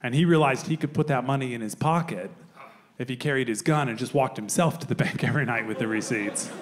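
A middle-aged man telling a story in stand-up, acting out the other voices with big jumps in pitch, with audience laughter. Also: fast talker. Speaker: stand-up comedian. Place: comedy club stage.

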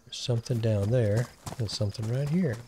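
A man's voice: medium pitch, fairly quick, background noise. A man giving casual gameplay commentary, rambling and thinking aloud as he plays. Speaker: gaming channel host.

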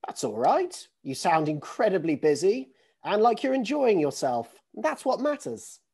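An interviewer poses questions in a warm, encouraging way and praises the guest's work. The voice is mellow and slightly husky. The pitch moves in lively curves across each question. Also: unhurried. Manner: encouraging and admiring toward the guest.

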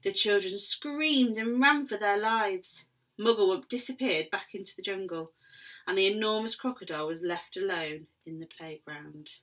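A woman teacher reading a children's story aloud expressively, with soft whispered asides to her class. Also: medium pitch, normal speed.

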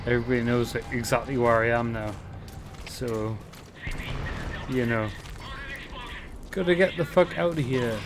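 A man casually commenting on his own gameplay, swearing a lot with loud frustrated outbursts. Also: medium pitch, unhurried, pauses often, background noise. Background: game sounds.

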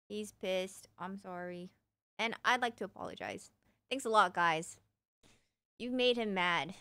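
A young woman talks to her stream audience in an easygoing, playful way, answering their questions and humming little nonsense syllables between thoughts. Her voice is smooth and clean, and she takes her time. The sound is dry and close, with no room echo. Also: medium pitch, fairly bright tone. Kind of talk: casual live-stream chat, answering viewer questions.

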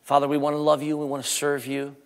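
A man, the pastor, preaching a sermon with rising emphasis and then leading a soft prayer. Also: fairly high pitch, monotone, quick pace, clear, resonant tone. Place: church sanctuary. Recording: long church reverb.

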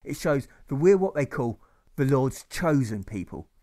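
Man putting on a loud, pompous schoolmaster. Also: mid-range voice, sing-song, a little slow. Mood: pompous declaiming. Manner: loud, preachy declaiming. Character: pompous, dim-witted male schoolmaster.

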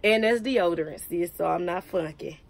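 A woman's voice: on the low side, normal speed, gravelly. A woman, chatting to camera in a wig review vlog, joking and teasing herself. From United States. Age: 30s. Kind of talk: casual chat to camera.

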